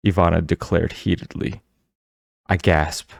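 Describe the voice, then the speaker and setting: A man narrating an audiobook in a steady, measured storytelling manner. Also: sits low, creaky, dry recording, clean studio sound.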